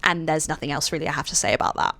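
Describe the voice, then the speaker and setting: A young adult woman chatting to camera as a vlogger, gushing and often apologising with quick asides. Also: sits low, lively intonation, vocal fry, sharp tone. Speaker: vlogger and party princess performer. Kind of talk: casual chat to camera.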